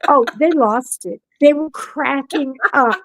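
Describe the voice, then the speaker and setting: Slow-talking, animated woman storyteller. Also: sits high, no echo, rough recording. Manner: animated storyteller who acts out quotes. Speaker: podcast host. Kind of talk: casual chat, storytelling.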